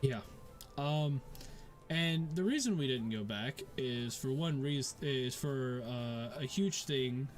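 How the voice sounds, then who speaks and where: A man's voice: mid-range voice, slow, soft background music. A man narrating as game master, rambling and restarting his sentences. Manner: rambling, many fillers and restarts.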